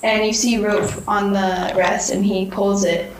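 A woman's voice: medium pitch, level tone, measured pace, noisy background. A woman narrating as game master, descriptive with many ums. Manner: filler-heavy, descriptive. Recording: echoey room.

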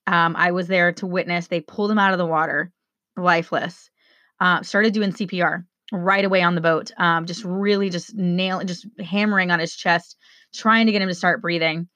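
Shaken woman, low voice, dry sound. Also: steady tone, a bit bright, dry recording. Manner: shaken, halting, with many fillers and restarts. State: choked up. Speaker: vlogger. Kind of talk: emotional personal account to viewers.

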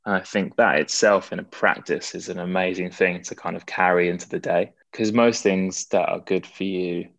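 A man's voice: sits low, no echo. A young man, a guest in a casual interview, talking in a rambling way with many fillers and restarts.

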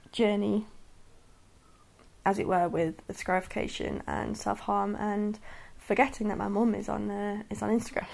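Candid woman with a creaky voice. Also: medium pitch. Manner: candid and earnest, many restarts and soft laughs. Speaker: podcast host. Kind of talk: personal monologue.

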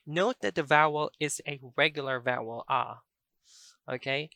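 A teacher, patiently explaining a language lesson and repeating example phrases slowly. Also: medium pitch, bright, forceful tone, no room sound. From Philippines.

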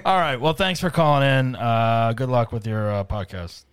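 A man hosting a podcast who steers a casual chat and keeps the show moving along. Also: mid-range voice. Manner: quick, lively, steers the conversation. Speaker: podcast host.

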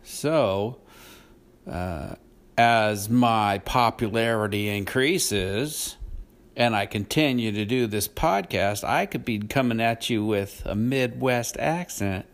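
A man's voice: fairly low pitch, takes it slowly. A middle-aged man hosting his own podcast, talking in a rambling, profane, self-deprecating casual monologue. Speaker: podcast host.

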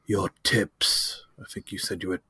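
A man playing a tabletop game, speaking in character in a formal, measured, solemn way. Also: deep voice, fairly even intonation, pushed and bright, slightly rough. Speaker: player. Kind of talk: in-character role-play.

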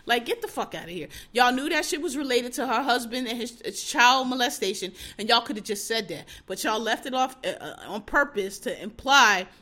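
A woman's voice: fairly high pitch, expressive, a little fast, few pauses, sharp tone. A young adult woman hosting a solo podcast, ranting bluntly and profanely, with sarcastic mocking asides. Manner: sarcastic mocking impressions of others. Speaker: podcast host.

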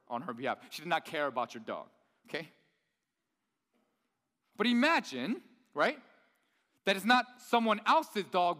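Male pastor, high bright voice, chatty sermon delivery with rhetorical questions, echoey hall sound. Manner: conversational, asks the audience rhetorical questions.

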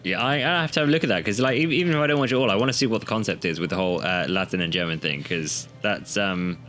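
Low-voiced male co-host, relaxed chat. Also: fast, faint music behind. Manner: relaxed, agreeable, hesitant fillers. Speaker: podcast co-host. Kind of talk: casual chat.

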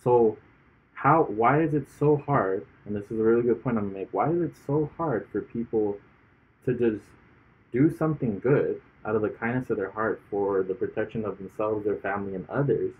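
A man arguing his case in casual conversation, his low voice breathy and husky. He builds emphasis through repetition. The audio is narrow and tinny, close to a phone call. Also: normal speed. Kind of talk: casual chat.

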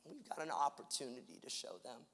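High, gravelly preaching man. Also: expressive, moderate pace. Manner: impassioned, repetitive preaching that swings from hushed to loud. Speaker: pastor. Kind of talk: sermon. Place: church auditorium. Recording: long reverb of a large hall.

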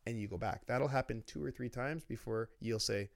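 Gravelly-voiced man telling stories. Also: mid-range voice, fairly quick, no echo, clean studio sound. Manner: storytelling, animated, laughs often. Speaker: guest, business mentor. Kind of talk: casual interview talk.

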